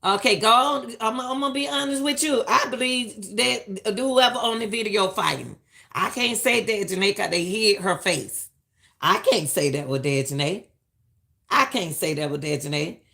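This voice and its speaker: A middle-aged woman, talking in a bright, forceful voice. She gives live-stream commentary in an emphatic, preachy way and hammers her points home by saying them again. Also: mid-range voice, moderate pace, creaky. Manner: emphatic and preachy, repeats lines for stress.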